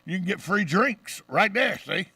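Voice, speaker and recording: Brash Southern talk radio host, gravelly. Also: male voice, sits high, animated, sharp tone, no echo, far from the mic. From Deep South of the US. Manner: brash, joking, fast-talking storyteller. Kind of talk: casual radio banter.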